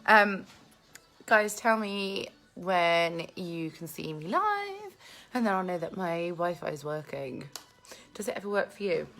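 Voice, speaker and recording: This woman from England runs a casual live Q&A at home with her family, chatting into a handheld phone and reading out comments from viewers. Her lowish voice is very animated and a bit bright, with a slightly slow pace.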